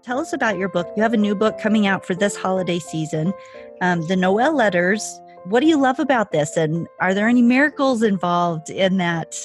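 A woman's voice: medium pitch, animated, brisk, soft background music. A woman hosting a talk show interview, enthusiastic and effusive with her guests. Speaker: host.

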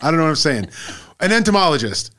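A man's voice: a little high, sing-song, fast talker, pushed and bright. A man co-hosting a podcast in casual chat, rambling and stumbling over words as he corrects himself. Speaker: podcast co-host.

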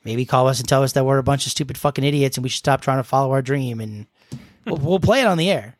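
A man's voice: medium pitch, fast, no room sound, studio quality. A young man co-hosting a podcast, joking and rambling through the show info. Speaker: podcast co-host. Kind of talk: casual chat.

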